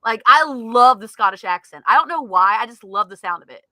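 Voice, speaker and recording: Woman, podcast co-host, giggly, rambling, very bright tone, dry close sound. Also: fairly high pitch, lively intonation, brisk, no room sound. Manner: giggly, laughs often; rambling with many fillers. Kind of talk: casual chat.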